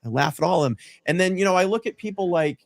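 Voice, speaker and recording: A man's voice: sits high, lively intonation, quick pace, vocal fry, no echo. Brash, profane man on a stream. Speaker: co-host. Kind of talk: casual streaming chat. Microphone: streaming mic.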